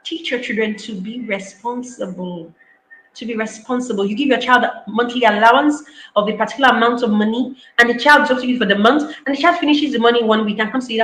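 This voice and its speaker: A woman's voice: a little high, a little fast, fairly bright tone, echoey room, low-quality recording. A woman giving an online parenting talk, emphatic, repeating key lines and acting out parents' voices. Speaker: parenting speaker.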